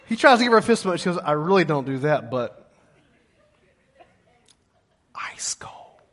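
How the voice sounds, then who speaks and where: A middle-aged man preaching a sermon as pastor, lively and calling on the congregation to answer back. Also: on the high side, very fast. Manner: lively, calls congregation to respond.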